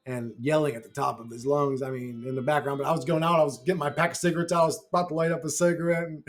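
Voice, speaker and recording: Brash youtuber dude rambling a story, cusses a lot, slightly high voice. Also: male voice, a little mellow. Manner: brash, heavy swearing, rambling. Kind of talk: casual storytelling.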